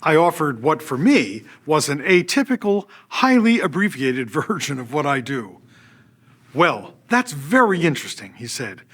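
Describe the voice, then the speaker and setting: A man's voice: on the high side, moderate pace, slightly rough. An older man, an orchestra's artistic director, narrating personal stories from a script and acting out what people said. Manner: animated, acts out quoted voices.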